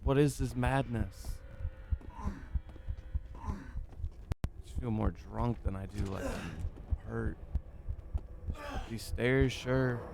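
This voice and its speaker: A man's voice: mid-range voice, drawn-out words, vocal fry, pauses often, background noise. A young man rambling through a let's play, self-mocking and swearing as he gets lost. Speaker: gaming YouTuber. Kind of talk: casual let's play commentary.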